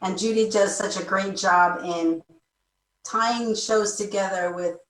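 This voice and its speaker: A woman's voice: mid-range voice, fairly even intonation, takes it slowly. A woman hosting a talk show, introducing guests in a loose, rambling way and circling back to rephrase. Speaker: show host. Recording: echoey room, voice distant from mic.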